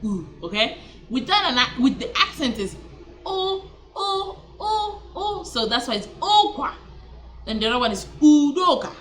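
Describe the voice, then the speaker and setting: Fairly high-pitched and a bit bright, with big swings in pitch, this woman is a language teacher giving a casual vlog lesson. She says each word slowly and repeatedly, chatting and self-correcting.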